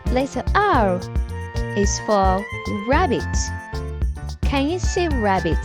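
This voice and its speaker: Very slow, lively woman teaching toddlers. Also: fairly high pitch, over music. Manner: prompting listeners to repeat words. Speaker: children's alphabet narrator. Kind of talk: slow scripted narration for toddlers.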